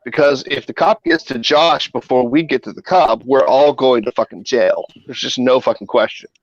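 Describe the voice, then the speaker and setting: A man's voice: medium pitch, moderate pace, no room sound, muffled recording. A man guest on a live stream, telling a wild anecdote with constant swearing. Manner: profane, animated anecdote telling. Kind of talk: casual storytelling on a live stream.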